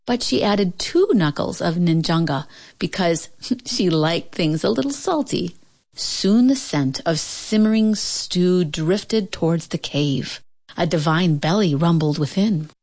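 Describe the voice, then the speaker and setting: A woman reading a children's storybook aloud in an expressive, measured way. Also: fairly low pitch. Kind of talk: storybook read-aloud narration.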